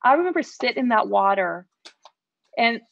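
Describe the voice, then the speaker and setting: A woman telling a heartfelt personal story as an interview guest, earnest and animated. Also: a little high, moderate pace, vocal fry, no echo, muffled recording.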